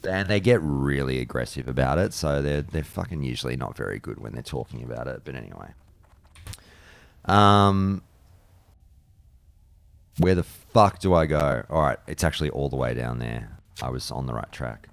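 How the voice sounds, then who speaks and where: A very deep, gravelly male voice, talking bluntly and swearing as he rambles through a casual live-stream chat. He wanders off mid-thought and comes back, plain-spoken and unfiltered. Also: lively intonation, moderate pace. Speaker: streamer and podcast host.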